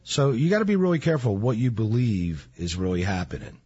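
A man's voice: lowish voice, fairly quick, breathy edge, dry recording, highs cut off. A man hosting a casual radio show, chatty and jokey, telling stories. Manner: jokey, animated storyteller.

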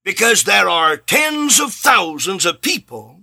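A middle-aged man preaching a sermon, impassioned, repeating phrases and swinging from shouts to quiet lines. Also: very animated, measured pace, gravelly, slightly rough, soft background music. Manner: impassioned, rising to shouts then dropping low.

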